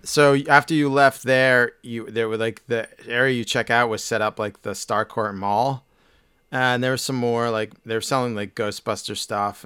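Rambling low-voiced man telling a story. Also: bright, forceful tone, clean tone, no room sound. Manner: rambling storytelling with many fillers and restarts. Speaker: podcast co-host. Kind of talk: casual chat.

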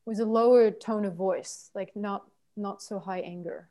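A woman's voice: mid-range voice, fairly even intonation, measured pace, warm tone. A woman trainer coaching a practice session, giving directive, encouraging step-by-step instructions. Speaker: anger workshop trainer.

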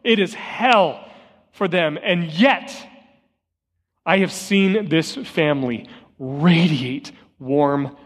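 A man's voice: on the high side, drawn-out words. A man preaching a sermon as pastor, telling personal stories earnestly and repeating key phrases for emphasis. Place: church sanctuary. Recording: long hall reverb with faint guitar music.

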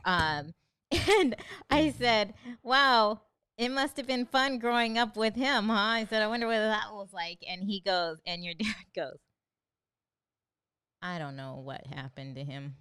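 A woman's voice: a little high, a little slow, a bit bright, clean tone, no echo. A woman chatting casually and telling stories, with many "like" fillers. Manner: storytelling, lots of "like" and "um" fillers. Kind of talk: casual chat.

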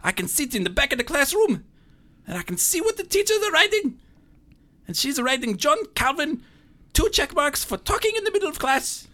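A pompous male theologian, put on by a man, lectures in a thick, clumsy mock-Italian accent. The voice sits high and swings widely up and down, earnest and preachy with barely held-back laughter. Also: very animated, moderate pace, bright, forceful tone, heavily acted. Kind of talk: comedic role-play.

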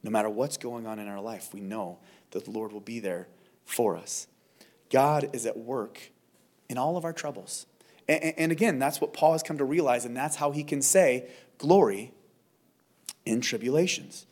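A male lead pastor giving a verse-by-verse sermon in an earnest way, often stammering over restarts and moving between loud and soft passages. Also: mid-range voice, normal speed.

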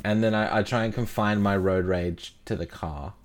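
A man's voice: fairly low pitch, steady tone, normal speed. A young Australian man bantering on a podcast, blunt and crude, joking and swearing freely. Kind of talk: casual chat.

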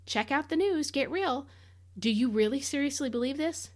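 A woman's voice: high voice, animated, normal speed, voice pushed up. A woman voicing an imagined skeptic who mocks faith in an incredulous, taunting tone. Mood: scoffing. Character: scoffing skeptical modern person, mocking.

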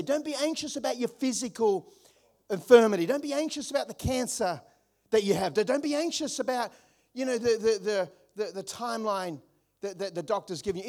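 A man preaching with an Australian accent and a strikingly high voice for a man. He drives his points home through repeated refrains and mixes in joking asides as he talks to his congregation. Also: a little mellow. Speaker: pastor. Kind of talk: sermon. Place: church auditorium.

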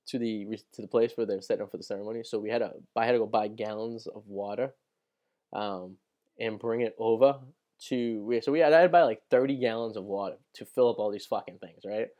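A man's voice: mid-range voice, mellow. Rambling, profane young man telling a story. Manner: rambling, profane, fills with "right?" and "like". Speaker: podcast host. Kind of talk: casual storytelling monologue.

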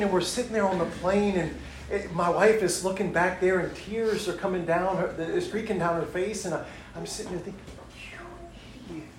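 A middle-aged man, a missionary preacher, delivering a sermon in emphatic rhythmic lists that swing from loud to hushed. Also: high voice, reverberant, heavy background noise.

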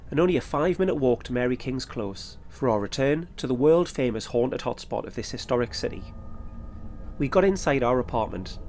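Male podcast host reading a first-person account, even and matter-of-fact, mid voice. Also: medium pitch, slight background noise. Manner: steady, matter-of-fact storytelling. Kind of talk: scripted first-person narration.

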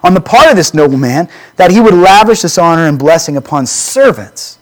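A man's voice: on the high side, animated, a little fast. A man preaching a sermon, reading scripture and putting questions to the congregation in an earnest way. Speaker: pastor.

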